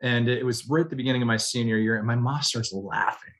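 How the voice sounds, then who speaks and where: Animated man telling stories. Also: medium pitch, quick pace. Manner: animated storyteller, acts out quoted voices, laughs often. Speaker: guest, general manager. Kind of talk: storytelling in a podcast interview.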